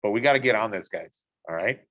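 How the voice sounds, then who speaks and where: A man's voice: fairly low pitch, lively intonation, fast, a bit bright. A man teaching a school art and design class in a casual, chatty way, exclaiming over pictures and often checking in with the students. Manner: enthusiastic, exclaims over images and keeps checking in with "right?". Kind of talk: casual classroom instruction while browsing images.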